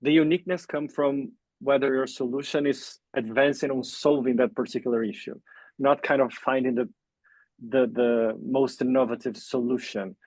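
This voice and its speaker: A man's voice: medium pitch, fairly even intonation, normal speed, darkish tone, no room sound, poor audio. A man speaking as a mentor in an online workshop, loose and hesitant, often leaning on "like". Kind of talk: casual online workshop talk.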